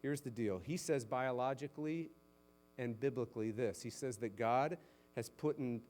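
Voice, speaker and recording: A male pastor preaching a sermon who climbs to loud, emphatic exhortation and then drops low and soft. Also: normal speed.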